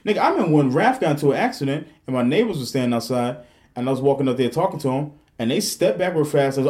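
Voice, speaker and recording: A man, hosting a casual podcast and telling stories in a profane, animated way, full of restarts. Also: medium pitch, fast talker. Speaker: podcast host.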